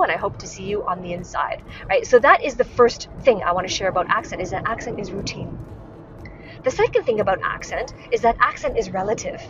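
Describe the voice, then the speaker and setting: A woman from Hong Kong, a communication coach, giving an emphatic motivational talk that repeats its key phrases. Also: medium pitch. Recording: slightly dull lo-fi sound with clear background noise.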